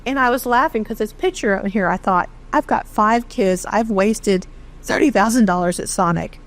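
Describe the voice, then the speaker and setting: A middle-aged woman from Texas tells her own story as an interview guest, candid and animated, with a self-deprecating streak. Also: mid-range voice, moderate pace. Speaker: charity founder, interview guest. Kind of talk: conversational storytelling.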